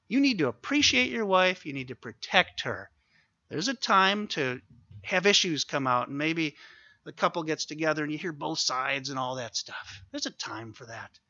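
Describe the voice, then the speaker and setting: Earnest preaching man, bright voice. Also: mid-range voice, dry recording, muffled recording. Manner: earnest, exhorting, slows down for emphasis. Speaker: pastor. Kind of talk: sermon.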